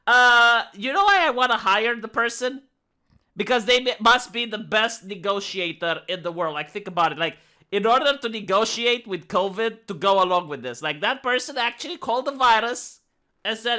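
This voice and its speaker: Brief: mocking comedy commentator, man with a Romanian accent, high-pitched. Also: animated, normal speed, sharp tone. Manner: mocking, sarcastic. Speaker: commentary host.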